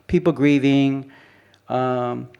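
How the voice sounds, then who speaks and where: A man's voice: mid-range voice, steady tone, slow, gravelly, a little mellow, clean tone, highs cut off. A man speaking at a conference about his photography, rambling informally with frequent restarts and fillers. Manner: rambling, many restarts and "you know" fillers. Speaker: photographer giving a conference talk. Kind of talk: informal presentation talk. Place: conference hall.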